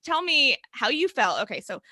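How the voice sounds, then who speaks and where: Bubbly woman host, bright and dry. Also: high-pitched, sing-song, normal speed, no echo. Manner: bubbly, effusive, laughs often. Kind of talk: casual interview chat.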